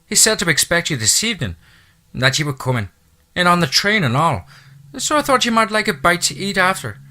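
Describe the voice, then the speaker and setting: A man's voice: sits high, very animated, brisk, sharp tone, pitched above the performer's own voice, exaggerated voice. A man voicing a chatty middle-aged Irish housekeeper in an audiobook, with a cheerful, motherly Irish brogue. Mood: cheery, motherly. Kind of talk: audiobook character voice.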